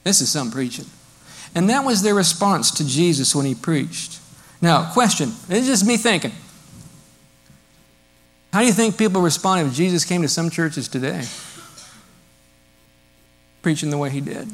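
A man preaching a sermon in a church, animated and emphatic, now and then mimicking critics in a mocking tone. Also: a little high, normal speed, pauses often. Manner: animated preaching, mock voices of modern critics. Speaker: pastor.

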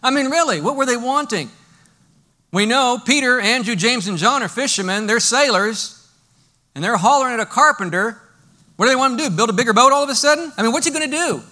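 With a very high voice and a brisk pace, a pastor preaches a sermon full of animated stories, shifting between loud bursts and whispered lines.

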